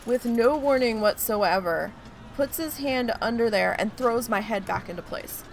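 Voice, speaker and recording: A woman streamer telling a story in a casual, animated, exasperated way, with lots of swearing, while she plays a park-building game. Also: on the high side, a little slow, creaky, a little hiss or hum.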